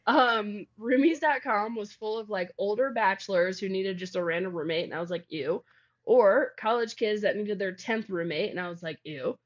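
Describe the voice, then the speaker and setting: A woman's voice: mid-range voice, normal speed, few pauses. A young woman, a guest on an interview show, tells a personal story in a casual, rambling way, filling her talk with "like". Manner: rambling, heavy use of "like". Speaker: guest, founder of a healing practice. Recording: dull lo-fi audio.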